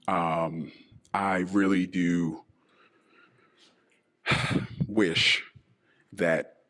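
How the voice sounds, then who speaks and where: A middle-aged man hosting a personal monologue podcast in a deliberately disguised voice, talking in an emotional, halting way with sighs. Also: sits low, fairly bright tone. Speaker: podcast host.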